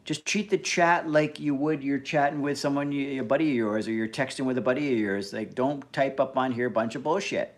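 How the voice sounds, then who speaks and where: A man hosting a casual live stream, talking bluntly in an animated rant that is full of swearing. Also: mid-range voice, fairly quick, hardly any pauses. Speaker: livestream host.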